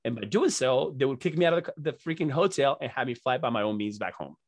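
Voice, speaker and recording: A young man telling excited, profane stories as a podcast guest, laughing often. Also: medium pitch, quick pace. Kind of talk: casual storytelling.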